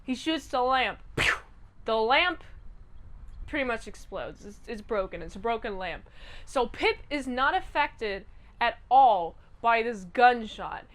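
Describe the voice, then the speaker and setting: A woman recapping and reviewing a TV episode in a chatty, animated way. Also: fairly high pitch. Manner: chatty and animated, acts out quotes. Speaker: show reviewer.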